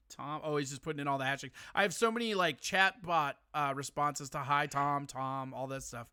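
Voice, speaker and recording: A man's voice: a little high, normal speed, bright, forceful tone, smooth, dry recording, studio quality. A man hosting a live call-in stream, teasing his guest in crude, joking banter.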